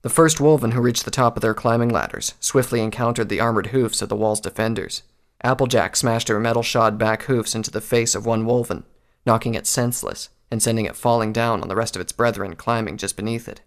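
A man reading a fantasy battle story aloud as narrator, in a steady storytelling manner. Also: medium pitch, fairly quick. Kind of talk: scripted narration of fan fiction.

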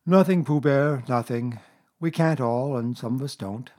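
A man's voice: mid-range voice, measured pace, mellow, natural voice. A man voicing a gloomy, self-pitying old grey male donkey in a storybook reading, mournful and sarcastic.

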